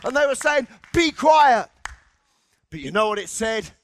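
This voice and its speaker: High-voiced impassioned male preacher. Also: no echo. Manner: impassioned, shouting in bursts, congregational call-and-response. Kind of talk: sermon. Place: church.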